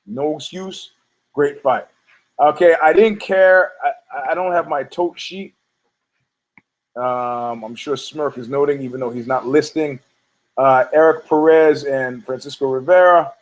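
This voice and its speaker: A man's voice: a little high, measured pace, rough recording. A man hosting a casual sports podcast who rambles, stammers over his words, repeats himself and swears freely. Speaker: podcast host.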